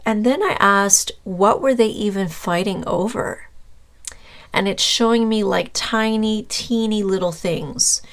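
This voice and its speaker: A creaky, somewhat low female voice belongs to a tarot reader giving a casual reading to her viewer. She rambles in an easygoing, conversational way, often breaking off with fillers while she gropes for words.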